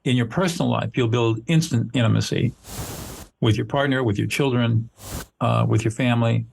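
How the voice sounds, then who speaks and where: A man's voice: medium pitch, moderate pace, vocal fry, a little mellow, a little hiss or hum. An older man, a mediator being interviewed, explaining his method in an earnest, instructive way and sometimes acting out sample lines. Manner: earnest, instructive, acts out example dialogue. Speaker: mediator and trainer, guest. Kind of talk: conversational explanation.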